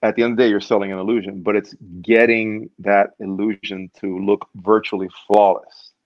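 A man with a lowish voice tells animated stories in a casual interview and acts out the quotes he gives. The sound is dull and muffled, and it is very dry. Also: brisk, dry recording. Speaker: stunt performer guest.

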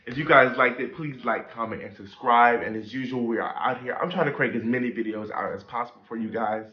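A young man vlogging, telling a story with animated, exasperated delivery. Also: medium pitch, muffled recording. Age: young adult. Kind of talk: storytime vlog. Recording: roomy echo.

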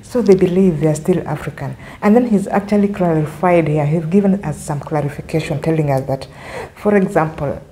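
Low, mellow-voiced woman commentator. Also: a little fast, slight background noise, low-quality recording. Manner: explanatory, repeats points to clarify. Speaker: reaction video host. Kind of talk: commentary on a video clip.

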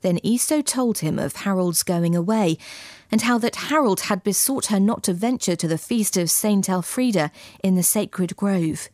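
A woman reading a gothic tale as scripted narration, in a measured, dramatic, old-fashioned storytelling manner. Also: medium pitch, a little mellow, no room sound, clean studio sound. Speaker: audiobook narrator.

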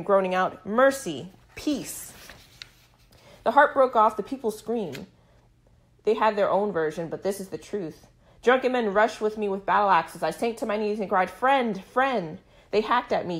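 Woman reading a dramatic novel aloud. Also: mid-range voice. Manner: dramatic reading with shouted and whispered outbursts. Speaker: audiobook reader. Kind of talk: first-person literary narration.

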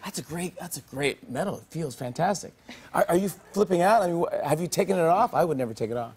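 A man's voice: fairly high pitch, expressive, quick pace, a crowd in the background. A man hosting a late-night talk show, gushing and stammering with frequent laughs. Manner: enthusiastic, stammering, laughs a lot. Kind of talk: excited late-night interview. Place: TV studio with a live audience. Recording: cheering studio audience.

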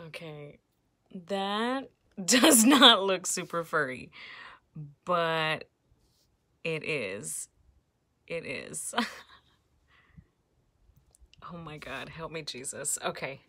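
Low-voiced, slow-talking nervous woman vlogger. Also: lively intonation, bright, forceful tone. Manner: nervous, exclaiming and giggling. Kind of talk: casual vlog, reading product instructions aloud. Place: at home.

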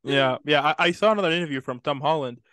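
A man's voice: on the high side, fast talker, fairly bright tone, clean tone, dry recording. A man hosting a casual interview, asking long, rambling questions with enthusiasm. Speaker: interview host.

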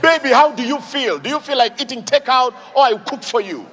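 A man doing an animated stand-up comedy routine, shouting his punchlines and acting out characters. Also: extremely high pitch, a little fast. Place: live comedy stage. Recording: live stage with audience noise.

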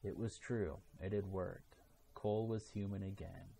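A man reading a children's storybook aloud in a slow, even way. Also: deep voice, gravelly, a little hiss or hum. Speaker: storybook reader.

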